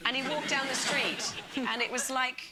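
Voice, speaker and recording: A woman's voice: high voice, steady tone, moderate pace. A woman from the US chatting wryly as a talk show guest, in a noisy studio recording. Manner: chatty, wry.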